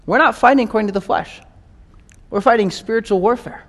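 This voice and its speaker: A man teaching through a Bible book in a casual, conversational way, reading verses and acting out lively asides. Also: sits high, a little fast, big-room sound. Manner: conversational, animated, acts out voices in asides. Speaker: pastor.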